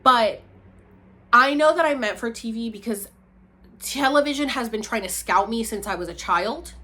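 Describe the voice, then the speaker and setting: Animated chatty woman vlogger, bright voice. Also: normal speed. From Puerto Rico. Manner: chatty, animated, swings from low murmurs to high excited bursts. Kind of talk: casual talking-head vlog.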